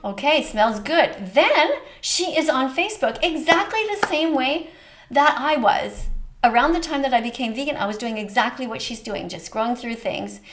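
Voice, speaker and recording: A woman hosting a reaction video, speaking earnestly and emotionally, with a preachy tone. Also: high-pitched. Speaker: host reacting to a short film. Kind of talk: reaction commentary.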